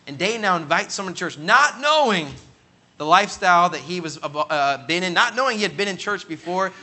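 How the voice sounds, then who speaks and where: A man preaching, telling a long personal story earnestly and with emphasis, and quoting others as he goes. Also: fast. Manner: earnest, emphatic, builds to loud high peaks when quoting others. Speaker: pastor. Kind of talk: sermon storytelling.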